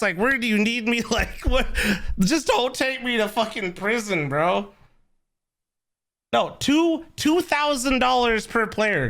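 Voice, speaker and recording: A man's voice: high voice, bright, forceful tone. A man hosting a stream, ranting in a heated, incredulous way and swearing a lot. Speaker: streamer host. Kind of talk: casual profane rant.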